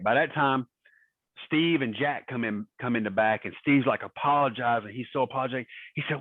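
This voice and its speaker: A man's voice: medium pitch, a little fast, no room sound. Male guest, salty storyteller, tinny phone-line audio, dry sound. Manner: profane, laughing anecdotes. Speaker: podcast guest. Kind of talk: casual storytelling.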